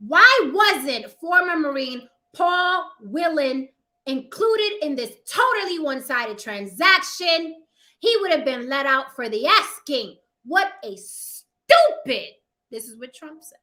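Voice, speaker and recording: A woman delivers casual opinion commentary with a sassy, profane edge, talking straight to her viewers. Her voice sits high and bright, and she takes her time over each point. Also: lively intonation, takes it slowly. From United States. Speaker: commentary vlogger.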